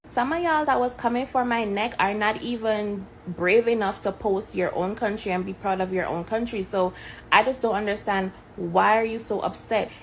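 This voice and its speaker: A woman's voice: medium pitch, a little hiss or hum. A woman from Jamaica, proud and defiant, questioning her critics in a casual video rant. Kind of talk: casual social media rant.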